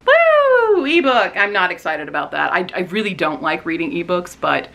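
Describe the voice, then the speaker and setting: A woman booktube vlogger chatting casually about her reading list, animated and excitable, sometimes squealing with surprise. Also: low voice, a little fast, vocal fry. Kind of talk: casual chat, reading book blurbs aloud.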